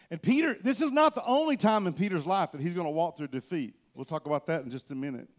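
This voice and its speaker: A male pastor preaching a sermon from a church stage, telling the story with animation and swinging between loud and soft. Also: sits high.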